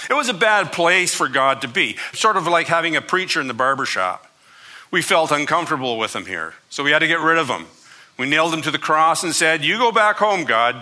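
A man's voice: a little high, pushed and bright. A man reading aloud as a folksy, plain-spoken older Southern preacher with a Southern US accent, emphatic and wry in a sermon reading.

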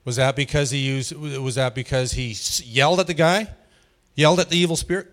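A man's voice: medium pitch, normal speed, a bit bright. A man giving an informal teaching sermon, asking the room questions and chuckling often. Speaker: pastor leading a Bible study.

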